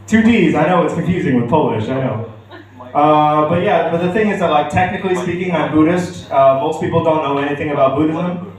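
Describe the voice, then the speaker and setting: A young man does open-mic stand-up on a comedy club stage, rambling through self-deprecating asides. His voice is fairly high and fairly quick, with a crowd audible behind him. The room is echoey and the mic picks him up from a distance.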